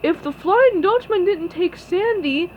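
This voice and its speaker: A woman voicing a loyal, dim, excitable male starfish sidekick who blurts things out loudly. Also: very high voice, a little slow, highs cut off, a little hiss or hum, pitched above the performer's own voice. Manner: blurting, loud.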